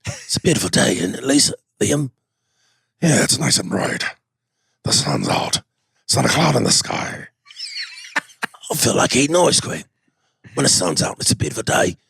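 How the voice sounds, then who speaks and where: A man doing a celebrity impression of a gruff, menacing male action-movie tough guy who makes pleasant chatter sound threatening. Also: mid-range voice, moderate pace, pauses often, no room sound, exaggerated voice. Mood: menacing calm. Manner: deadpan menace over cheerful small talk.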